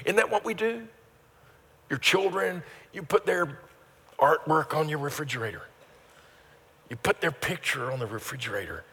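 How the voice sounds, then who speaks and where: A man's voice: a little high, very animated, moderate pace, pauses often, bright, forceful tone, husky. An older man preaching a sermon as pastor, earnest and repetitive, building to emphatic peaks. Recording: sermon in a reverberant church hall.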